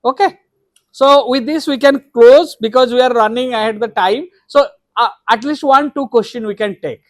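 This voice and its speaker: A man's voice: very high-pitched, dry recording. Indian man lecturing in clipped, dry tones. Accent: Indian English. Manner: switches between English and Hindi mid-sentence; halting, restarts words. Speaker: workshop lecturer. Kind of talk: academic lecture.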